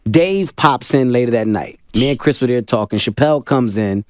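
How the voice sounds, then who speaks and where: A man, a comedian, telling a lively anecdote in a talk-show interview and acting out the dialogue. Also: mid-range voice, moderate pace, dry recording, studio quality. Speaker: comedian guest.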